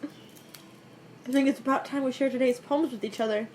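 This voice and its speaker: Woman reads a timid bookish teen girl: soft, hesitant, slightly high. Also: steady tone, moderate pace, a little hiss or hum, lightly acted. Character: shy bookish teenage girl Yuri. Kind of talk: reading game dialogue aloud.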